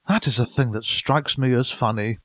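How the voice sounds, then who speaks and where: A man voicing a shy male mole in a storybook reading, slow and wondering. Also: mid-range voice, fairly bright tone, dry recording, lightly acted. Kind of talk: storybook voice acting.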